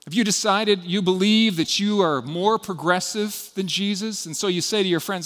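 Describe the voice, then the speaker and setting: A man preaching a sermon as pastor, earnest and often dropping to a quiet, intimate tone. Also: sits high, normal speed. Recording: long hall reverb.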